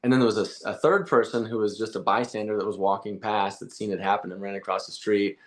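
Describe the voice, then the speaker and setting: Casting: male guest, lowish voice, casual animated storyteller who acts out quotes. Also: fast. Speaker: podcast guest. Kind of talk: storytelling in conversation.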